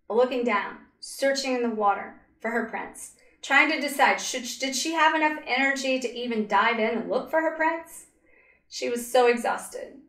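A woman narrating a story slowly and dramatically, with pauses and fillers, as a spiritual coach. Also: fairly high pitch, a bit bright. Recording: roomy echo.

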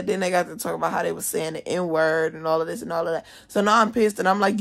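A teenage girl telling a story from school in a casual vlog from her bedroom, animated, indignant and swearing freely. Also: fairly low pitch, fast, gravelly, few pauses. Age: teens. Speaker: vlogger, student. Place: at home, bedroom.

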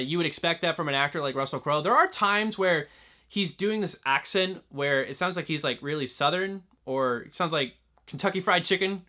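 A young man reviews a film in a loose, chatty way, peppering his talk with "like" and frequent restarts. His voice is on the high side with a sharp tone.

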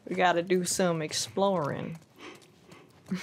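A young woman does chatty, casual let's-play commentary as a gaming streamer, giggling and poking fun at herself. Her voice is fairly low, with lively intonation and an unhurried pace.

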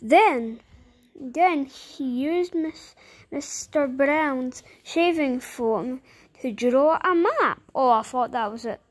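Woman reader, high voice, unhurried, chatty asides between lines of a children's book. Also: animated. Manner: chatty, playful commentary. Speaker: story reader. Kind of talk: casual read-aloud with chatty asides.

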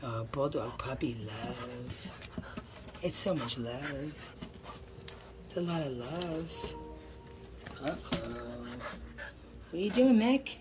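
A woman's voice: a bass voice, lively intonation, slow, long pauses, over music. Woman cooing baby talk at her dogs. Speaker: pet owner vlogger. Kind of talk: casual pet vlog.

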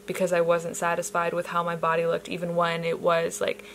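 A young adult woman chatting casually to camera as a vlogger, bubbly and gushing at times, then drifting into soft, reflective musing. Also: lowish voice, completely flat delivery, brisk, slight background noise, low-quality recording. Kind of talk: casual vlog chat.

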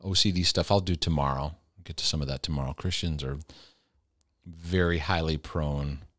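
A man's voice: rumbling low, steady tone, moderate pace, no room sound, studio quality. A man hosting a talk, answering viewer questions in a casual, emphatic, conversational way. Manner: conversational, gets loud and emphatic then drops soft. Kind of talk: casual faith-based advice talk.

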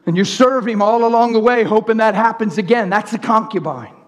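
A male preacher delivering a fervent, excitable sermon, swinging between shouting and hushed tones. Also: high-pitched, fairly quick. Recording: reverberant hall.

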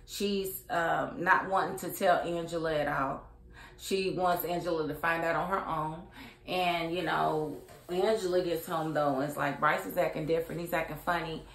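In a roomy, echoing space, a woman reviews a TV episode in a casual, outspoken recap. Her voice is low, unhurried and fairly even in intonation. Chatty and colloquial, she performs the characters' lines along the way.

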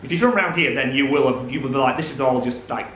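A man's voice: mid-range voice, very fast, a bit bright. A man co-hosting a casual vlog chat, teasing and laughing often. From South Yorkshire. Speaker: vlog co-host. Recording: echoey room with faint noise.

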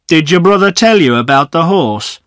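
A man's voice: on the high side, lively intonation, normal speed, a bit bright, no room sound, studio quality, pitched above the performer's own voice. A man doing a plain-spoken country neighbour. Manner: matter-of-fact, breaking bad news. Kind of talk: graded-reader audiobook reading.

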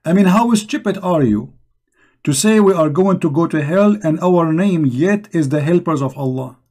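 A husky, slightly high-pitched man hosts a live-streamed debate. He talks in a mocking, emphatic way and piles up rhetorical questions. He sounds like he is at a computer mic on a call. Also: normal speed, dark tone. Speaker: debate show host.

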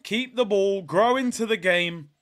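A young man hosting a live football watch-along, reacting with frustration and shouting at the players. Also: high-pitched, unhurried. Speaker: fan watch-along host.

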